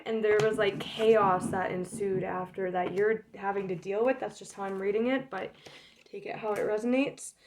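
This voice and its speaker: A woman giving a casual tarot reading, frank and emotional, swearing freely, laughing often and filling pauses with um and like. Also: mid-range voice. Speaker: tarot reader.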